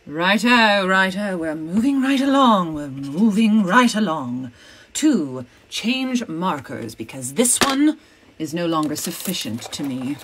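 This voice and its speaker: Playful woman chatting with a lively voice. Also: lowish voice, slow pace, a little hiss or hum. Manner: playful, sings and hums bits while working. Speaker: guest doing a live signing. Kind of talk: casual livestream chat.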